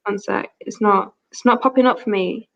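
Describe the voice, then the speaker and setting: A woman's voice: mid-range voice, moderate pace, vocal fry, lo-fi sound. A woman in her twenties hosting a casual livestream, chatting and reading out comments from the chat. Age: 20s. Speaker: host.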